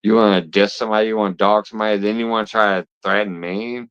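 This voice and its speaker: With a lowish, smooth, slightly bright voice and fairly even intonation, a fishing channel's livestream host talks fast. He scolds his viewers bluntly with heavy swearing, and the sound is lo-fi.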